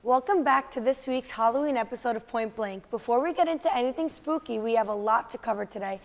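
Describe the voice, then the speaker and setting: A woman's voice: fairly high pitch, quick pace. A woman hosting a segment, opening it in a scripted, upbeat way. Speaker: segment host. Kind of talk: scripted presenting. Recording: echoey room.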